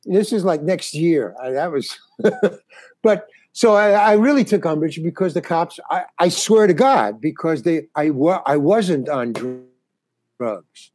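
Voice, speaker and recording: Older comedian guy telling old road stories, kinda high voice, dry sound. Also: lively intonation, unhurried, a little mellow, no echo. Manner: rambling, restarts, acts out quoted dialogue. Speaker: comedian guest. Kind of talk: casual storytelling interview.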